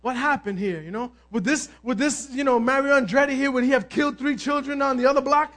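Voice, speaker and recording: A male pastor preaching a sermon, telling stories with lively energy, calling out to the congregation and sometimes shouting. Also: extremely high pitch, fast. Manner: animated storytelling, asks the crowd "amen?", bursts of shouting.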